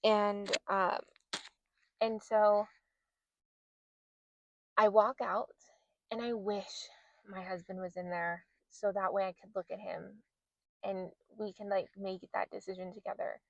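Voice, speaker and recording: A woman's voice: mid-range voice, level tone, takes it slowly, creaky, pauses often, no echo, lo-fi sound. A woman in her thirties hosting a podcast, telling a personal story in a candid, emotional way. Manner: candid, emotional, re-enacts her own past words. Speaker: podcast host.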